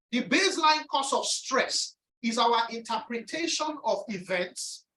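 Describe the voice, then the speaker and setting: A woman's voice: sits high, pushed and bright, a little hiss or hum. A woman giving a motivational lecture, speaking emphatically, repeating key phrases and acting out inner voices. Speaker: speaker presenting on resilience. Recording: echoey room, distant mic.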